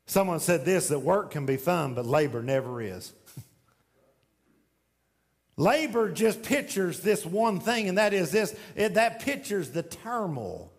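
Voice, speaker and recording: A man preaching a sermon as pastor in a church sanctuary, swinging between loud emphatic lines and hushed ones. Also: sits high, in a large hall.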